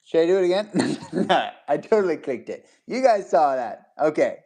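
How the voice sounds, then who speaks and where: A man's voice: a little high, big pitch swings, normal speed, creaky, dark tone. Chatty young man hosting a livestream. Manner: chatty, laughs often, rambling storyteller. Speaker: livestream host. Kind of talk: casual livestream chat.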